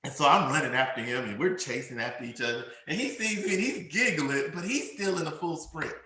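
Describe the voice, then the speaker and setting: A man hosting a podcast, telling classroom stories in a lively, animated way and acting out the voices he quotes. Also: fairly high pitch, a little fast, reverberant. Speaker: podcast host and teacher. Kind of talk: casual storytelling chat.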